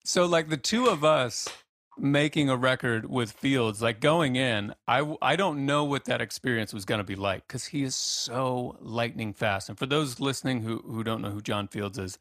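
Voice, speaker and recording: A man co-hosting a podcast, talking in an easy, unhurried way that drifts mid-thought. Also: mid-range voice, fairly bright tone, dry recording. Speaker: podcast co-host. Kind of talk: casual chat.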